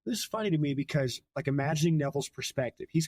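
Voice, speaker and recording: An animated young man hosts a casual podcast chat, retelling a story with quick, playful character voices and frequent laughs. His voice sits a bit high, and the sound is close and dry with no room around it. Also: dry recording. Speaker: podcast host.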